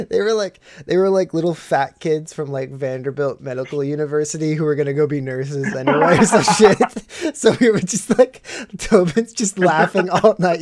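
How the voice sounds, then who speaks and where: A man telling a story on a podcast, animated and profane, laughing often as he talks. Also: on the high side, normal speed. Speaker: podcast host. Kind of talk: casual storytelling.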